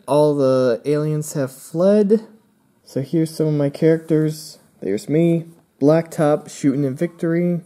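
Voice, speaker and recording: This young channel host has a slow, mellow voice on the high side. Looking back over his old drawings, he rambles casually, dropping in fillers and joking asides.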